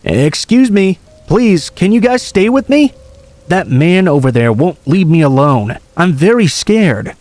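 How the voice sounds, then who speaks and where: A man's voice: high-pitched, big pitch swings, unhurried, a little mellow, dry recording, pitched above the performer's own voice. A man voicing a frightened teenage girl who pleads for help in a shaky, choked-up voice in a horror story reading. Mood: frightened pleading. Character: terrified teenage girl begging strangers for help.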